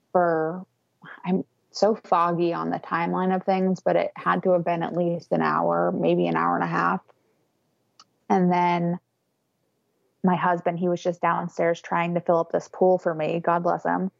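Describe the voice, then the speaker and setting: A woman's voice: lowish voice, flat delivery, measured pace, vocal fry, no echo, muffled recording. A young woman casually telling a candid story, often laughing as she talks. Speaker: guest telling her birth story. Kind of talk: casual conversation.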